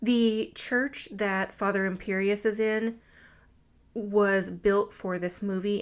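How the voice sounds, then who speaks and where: A woman co-hosting a podcast, recapping a movie plot in casual chat with wry, crude asides. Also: medium pitch. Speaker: podcast co-host.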